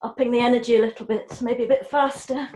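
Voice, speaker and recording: A woman yoga teacher calmly guiding a class through breathing and movement, cueing each breath. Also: a little high, roomy sound, poor audio. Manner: slow, soft-spoken cueing of breath and movement. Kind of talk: guided yoga class instruction.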